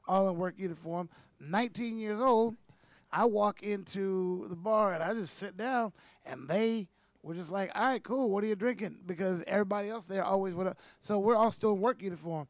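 A man, telling a profane story with rising excitement in casual podcast chat. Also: high-pitched, moderate pace, dry recording. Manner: animated, profane, gets loud. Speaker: podcast co-host.

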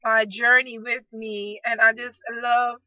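A woman vlogger talks straight into her laptop in a hoarse voice that is half gone. Her delivery stays flat in pitch but effusive in tone, and she keeps calling out to her viewers. The sound is dull and lo-fi, from a dry, close built-in mic. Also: slow, dry recording. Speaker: vlogger, aspiring model. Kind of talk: casual video diary.

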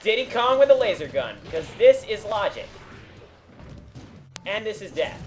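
A young man co-hosting a let's play, giving goofy, excitable commentary and bossing his partner around. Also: high-pitched, unhurried. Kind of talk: casual gameplay commentary. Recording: game music underneath.

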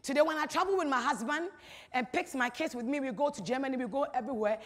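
In a reverberant hall with a long echo, a woman with a fairly high voice gives a personal testimony at a church-style gathering. She speaks fast and emphatically, repeating phrases for weight and swinging between hushed lines and loud bursts.

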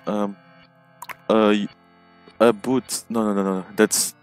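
Guy doing gameplay commentary at home, easily startled, slow talker, faint music behind. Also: fairly low pitch, little pitch movement, clean tone. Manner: jumpy, nervous, frequent startled exclamations. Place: at home, alone at night. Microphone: headset microphone.

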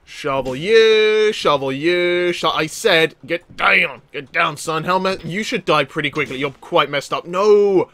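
Excitable high-voiced man gaming. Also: a little slow, few pauses. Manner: excitable, laughing, shouting at enemies. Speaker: gaming YouTuber. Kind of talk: let's play commentary.

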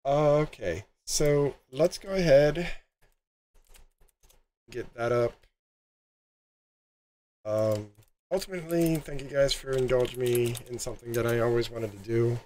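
A man's voice: mid-range voice, normal speed, dark tone. A male game streamer talks casually to his viewers in an ordinary mid-range voice. He rambles, stopping and restarting with plenty of ums. A faint background hiss sits under the voice.

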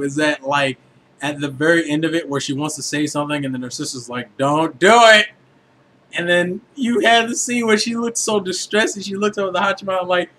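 A man giving a casual, animated anime review, full of swearing and filler words. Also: high-pitched. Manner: animated, profane, filler-heavy.

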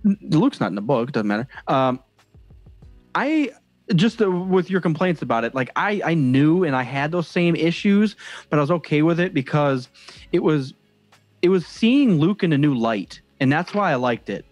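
A man's voice: fairly high pitch, big pitch swings, normal speed, dry recording, soft background music. A young man co-hosting a casual podcast, rambling and self-deprecating with many hesitations. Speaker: podcast co-host.

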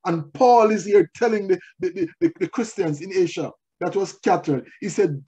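A man's voice: high-pitched, lively intonation, moderate pace, hardly any pauses, warm tone, slightly rough, muffled recording. A male pastor delivering a sermon, moving from storytelling to emphatic preaching.

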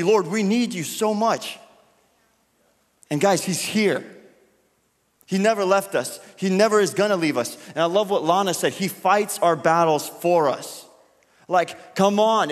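Chatty young preacher in a reverberant hall. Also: male voice, sits high. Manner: relaxed, chatty preaching with many fillers. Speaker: youth pastor. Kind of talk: casual sermon and prayer. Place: church hall.

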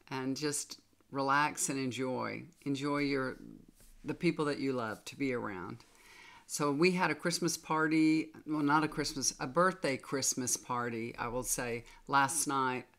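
A hoarse older woman with a drawl talks casually to her followers. She rambles in a folksy way, full of fillers and restarts. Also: a bass voice, a bit bright. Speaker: tarot reader. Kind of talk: casual chat to viewers.

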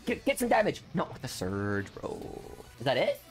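A man talks through a video game as he plays it, his voice climbing and dropping in lively swings. He grumbles and swears in a loose, slangy way, with faint game music running underneath. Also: mid-range voice, fast. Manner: excitable, grumbling then cheering loudly. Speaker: video game channel host. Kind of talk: live gameplay commentary.

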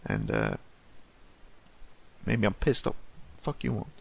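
A man's voice: on the low side, huge pitch swings, slow pace, creaky, a little mellow, slightly rough. A man giving casual gaming commentary, rambling and swearing, often scolding himself. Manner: profane, self-critical, rambling. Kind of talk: casual let's play commentary.

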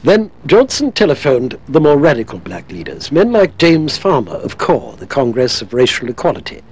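Expressive male documentary narrator. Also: medium pitch, normal speed, husky, rough recording. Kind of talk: scripted narration.

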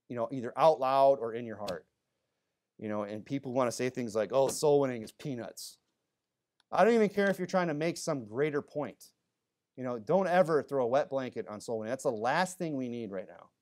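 A man's voice: medium pitch, darkish tone. A man preaching in a church in a loose, conversational way, with good-humored asides. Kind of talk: conversational sermon.

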